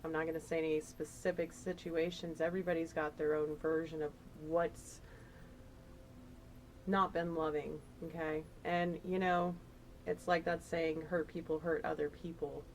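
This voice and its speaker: A woman's voice: low voice, flat delivery, normal speed, slight background noise, rough recording. Chatty woman giving a tarot reading. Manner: chatty, emotional, rambling with fillers. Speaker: tarot reader. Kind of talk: casual spiritual tarot reading.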